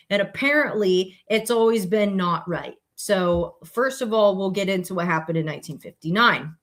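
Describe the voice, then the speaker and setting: Woman podcast host, casual and rambling, mid-pitched, live-stream chat. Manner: chatty and rambling, with many fillers and self-corrections.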